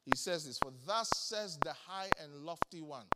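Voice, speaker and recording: A high-pitched man preaches with insistent repetition, putting questions straight to the congregation. His voice rings with long reverb, as if in a large hall. Heavy noise sits under it throughout. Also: expressive, moderate pace. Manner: emphatic, repeats phrases for effect. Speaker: bishop preaching. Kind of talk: sermon.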